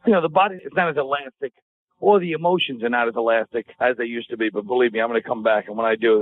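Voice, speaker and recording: A male comedian trading sarcastic, deadpan jabs in casual radio banter. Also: mid-range voice, fast. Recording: tinny phone-like radio audio.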